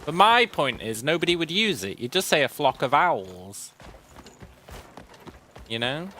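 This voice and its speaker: A man streaming a video game, chatting wryly with viewers and often clearing his throat. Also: on the high side, sing-song, a little slow, pushed and bright, a little hiss or hum. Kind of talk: casual gameplay commentary.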